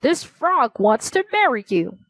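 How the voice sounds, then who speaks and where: A woman voicing a proud, quick-tempered old king in a storybook, commanding and scornful. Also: sits high, very animated, a bit bright, no echo, studio quality, voice pushed up, heavily acted.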